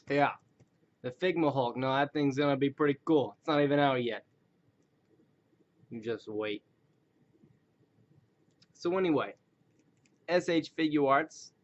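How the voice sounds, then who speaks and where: A man rambling casually through a webcam video reviewing toys, self-deprecating and slipping into joke voices. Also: on the high side. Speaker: action figure collector reviewing toys. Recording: dull lo-fi recording.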